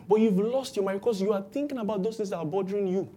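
A woman preaching a sermon, lively and acting out the voices of people she quotes. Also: mid-range voice, rapid-fire. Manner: animated, acts out quoted voices with exclamations.

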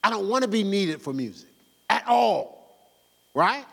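A fervent male pastor preaching in a high, very animated voice, slangy and conversational as he exhorts his congregation. His voice rings in an echoey church hall. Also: unhurried, gravelly. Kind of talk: sermon.

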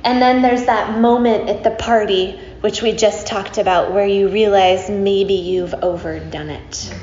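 A woman's voice: medium pitch, fairly even intonation, a little slow, a little mellow. A woman teacher telling a story to a group in a chatty, playful way, with many fillers and asides to her listeners. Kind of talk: casual spoken storytelling. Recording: roomy, slightly dull recording with faint hiss.

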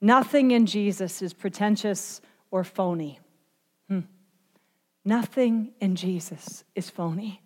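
A woman preaching a sermon, moving from hushed earnest passages to impassioned near-shouts. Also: medium pitch, slow. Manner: impassioned, swinging from quiet to shouting. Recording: long hall reverb.

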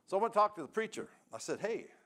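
A man's voice: sits high, sing-song, racing, sharp tone. An older man giving a sermon testimony, telling his story in a folksy, plain-spoken way. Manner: folksy storytelling with rural grammar.

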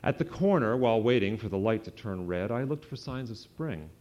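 A man's voice: lowish voice, lively intonation, brisk, darkish tone. Man, author reading rhymes to children, sing-song delivery, muffled old live recording. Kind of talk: reading a rhyming story aloud. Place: event hall with an audience.

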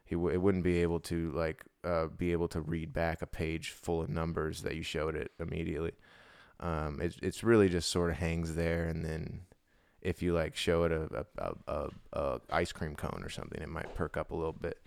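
A man's voice: rumbling low, little pitch movement, normal speed, gravelly, clean tone, dry recording, clean studio sound. A young man co-hosting a podcast, rambling through crude comedic banter. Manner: rambling, vulgar, breaks into mock rap singing. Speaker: podcast co-host.

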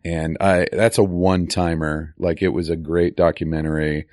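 A man's voice: deep voice, little pitch movement, normal speed, darkish tone, no echo, clean studio sound. A man co-hosting a casual movie podcast, rambling with many filler words. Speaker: podcast co-host.

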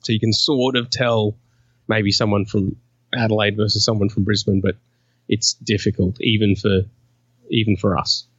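Low flat Australian man, lo-fi. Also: slightly rough, no echo. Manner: measured, hesitant with ums. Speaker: podcast co-host. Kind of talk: casual chat. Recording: dull lo-fi sound.

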